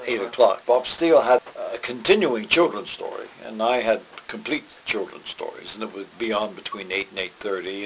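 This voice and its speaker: An older man from England, a former radio host telling lively stories from his career in an interview. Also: on the low side, a little hiss or hum, low-quality recording. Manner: lively storytelling. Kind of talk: reminiscing interview.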